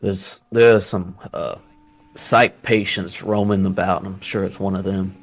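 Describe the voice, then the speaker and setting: A man's voice: low voice, fairly even intonation, unhurried, gravelly. A man playing in a tabletop game, talking hesitantly with many fillers. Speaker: player. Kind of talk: casual tabletop game talk.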